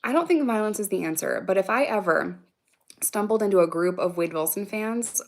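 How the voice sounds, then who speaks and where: A woman in her thirties talks on a casual livestream, answering viewer comments as they come in. Her voice has a strong creaky fry, and her pitch sits in a middle range. She rambles and swears freely, laughing often as she goes. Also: lively intonation, brisk. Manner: reacts to comments aloud.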